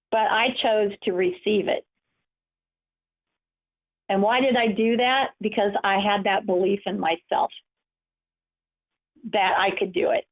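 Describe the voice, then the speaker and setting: Woman coach telling stories on a webinar, voice squeezed thin like over a phone. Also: mid-range voice. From United States. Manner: storytelling, personal and encouraging. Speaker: empowerment coach and speaker. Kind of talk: webinar presentation. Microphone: webinar call audio. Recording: phone-like narrow audio.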